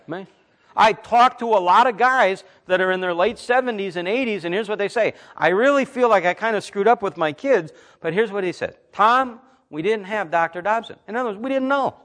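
A man in his fifties, a Christian talk host, telling stories and preaching in a blunt, emphatic, animated way. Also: sits high, brisk. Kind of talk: conversational preaching with storytelling.

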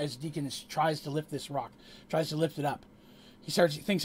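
A man narrating a tabletop game as game master, telling the story with animated asides to the players. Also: on the high side, moderate pace, husky.

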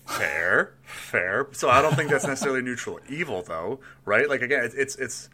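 A man's voice: medium pitch, expressive, normal speed, pushed and bright. A man in casual chat, building a tabletop role-playing character and thinking aloud, rambling with restarts and laughs.

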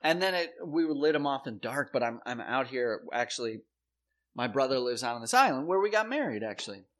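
A man's voice: mid-range voice, very animated, fairly quick, fairly bright tone. A middle-aged man from South Dakota, co-hosting a podcast, who tells a story in a casual, profane way and acts out his own past reactions. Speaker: podcast co-host.

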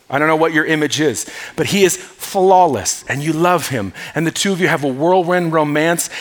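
A male pastor preaching a sermon in an emphatic way, calling on the congregation to respond. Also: a little high. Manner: emphatic, calls for audience response. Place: church.

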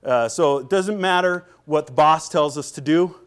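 A man preaching a sermon in a conversational way, with frequent fillers and restarts and quiet asides. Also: a little high, normal speed, smooth. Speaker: pastor.

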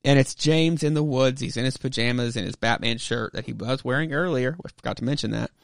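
A man's voice: mid-range voice, brisk, creaky, dry recording. A man hosting a podcast, casually recapping a comic book in a rambling way with lots of fillers and swearing. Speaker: podcast host.

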